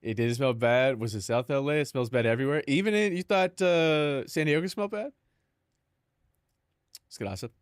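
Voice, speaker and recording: A man's voice: medium pitch, normal speed, long pauses, clean tone, no echo, studio quality. A young man chatting casually on a live stream, joking and mock-dramatic with lots of filler words.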